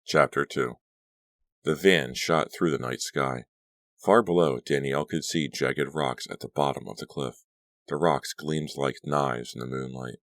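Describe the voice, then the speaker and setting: A man narrating a suspense audiobook with measured, dramatic storytelling. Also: rumbling low, a bit bright, dry recording. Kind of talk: scripted narration.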